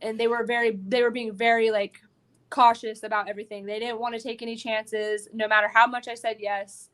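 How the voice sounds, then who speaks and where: Woman fighter guest, fairly high voice, animated and salty, chatty podcast storytelling. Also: fairly quick. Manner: animated, profane storytelling full of "like". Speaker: bare-knuckle fighter guest. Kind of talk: casual podcast interview.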